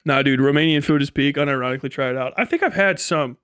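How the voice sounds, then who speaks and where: A man's voice: fairly high pitch, fast, a bit bright, smooth, no room sound, clean studio sound. A man chatting casually on a livestream, laid-back, swearing often and laughing between remarks. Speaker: streamer.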